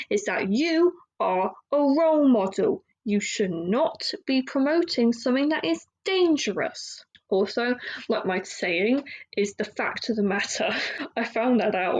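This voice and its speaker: A young woman talks through a solo podcast in a loose, candid way. Her voice sits a little high, and she rambles, restarts and leans on fillers as she goes. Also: low-quality recording. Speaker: podcast host. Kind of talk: casual solo podcast monologue.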